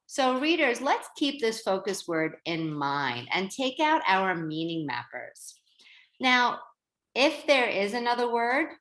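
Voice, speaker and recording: Slow lively woman teaching young kids. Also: medium pitch. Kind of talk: early-grade reading lesson. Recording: roomy echo.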